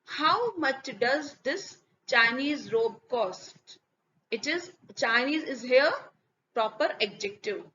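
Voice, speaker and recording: A woman teaching an English grammar lesson with an Indian accent, switching into Hindi, repeating examples slowly and asking and answering her own questions. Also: sits high, animated, sharp tone. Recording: slightly dull, faint background hiss.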